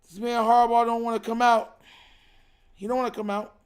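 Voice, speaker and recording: Young male streamer, very high pitch, frustrated slangy rant. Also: little pitch movement, moderate pace, clear, resonant tone, soft background music. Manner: frustrated, repetitive, slangy, says bro constantly. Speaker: livestream host reacting to a football game. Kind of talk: casual livestream rant.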